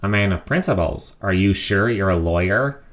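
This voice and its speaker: A man voicing a crude, cocky gangster puppet from a comic book. He cracks jokes and makes threats in a lowish, swaggering voice. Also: lively intonation, normal speed. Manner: wisecracking, threatening.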